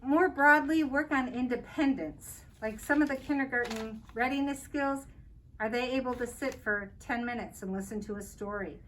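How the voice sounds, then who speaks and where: A woman's voice: a little high, normal speed. An older woman, a kindergarten teacher, giving a friendly step-by-step talk to parents and counting aloud as she explains. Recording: distant mic with faint noise.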